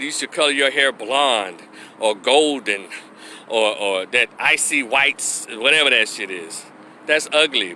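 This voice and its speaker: A man's voice: fairly high pitch, bright, forceful tone, a little hiss or hum. A man delivering a blunt, profane, mocking rant outdoors as an opinion vlogger. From Memphis, Tennessee. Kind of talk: unscripted rant.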